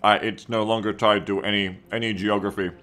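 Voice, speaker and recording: A man's voice: on the low side, flat delivery, a little fast, a bit bright, soft background music. A man streaming a game live, chatting casually and reading viewer comments aloud. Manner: chatty, reads viewer comments aloud, often second-guesses himself mid-sentence.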